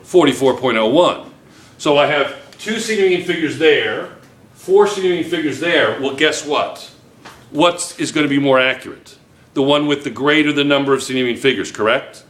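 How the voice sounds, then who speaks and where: A man's voice: fairly high pitch, normal speed, roomy sound. Man teaching a class, quizzing students. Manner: lively, keeps checking students with "yes or no?". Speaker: chemistry teacher. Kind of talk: classroom lecture.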